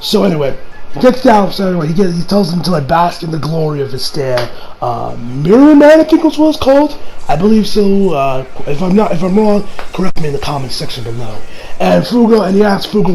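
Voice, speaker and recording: Hoarse man rambling through a review. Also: high-pitched, very animated, brisk, crowd noise, poor audio. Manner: rambling, profane, many restarts. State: hoarse, strained voice. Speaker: anime reviewer. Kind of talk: casual spoken review.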